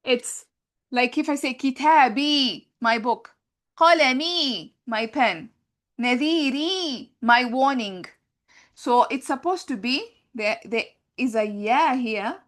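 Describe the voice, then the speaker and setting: Female grammar teacher, slightly high voice, explanatory classroom delivery with frequent self-corrections. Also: slow pace, a bit bright. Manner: repeats points, often corrects herself mid-sentence.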